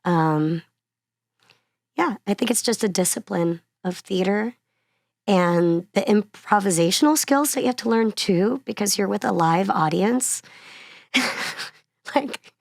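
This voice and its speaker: A woman from Miami talks through an interview with an animated, chatty storytelling manner, laughing often between phrases. Her voice sits at a middling pitch, and it is recorded close and dry, with almost no room sound. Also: unhurried, gravelly, long pauses, dry recording. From Miami, Florida. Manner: chatty, uses many fillers like "like" and "you know". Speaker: actress and singer-songwriter guest. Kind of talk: casual conversational interview.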